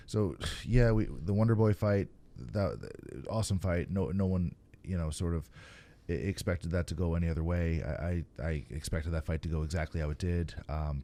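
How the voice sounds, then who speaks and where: A man with a very deep, mellow voice hosts a studio podcast in a relaxed, casual tone. He gives his opinions at an easy pace, stammering into sentences and leaning on fillers. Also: moderate pace. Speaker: podcast host. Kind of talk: casual chat.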